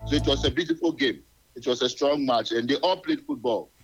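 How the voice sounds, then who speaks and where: A man's voice: medium pitch, breathy edge. Caller guy on the radio phone line, cheerful, rambles, lots of uhs. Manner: rambling, cheerful, halting with fillers.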